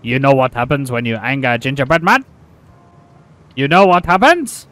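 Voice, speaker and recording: A man voicing an angry, vengeful gingerbread man who loudly repeats theatrical threats in a game. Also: mid-range voice, sing-song, moderate pace, pitched below the performer's own voice. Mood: mock menace.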